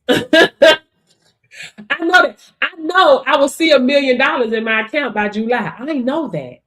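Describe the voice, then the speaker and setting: A woman's voice: high-pitched, animated, measured pace, fairly bright tone. A woman hosting a motivational livestream, talking to viewers in a preachy way and laughing often. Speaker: livestream host.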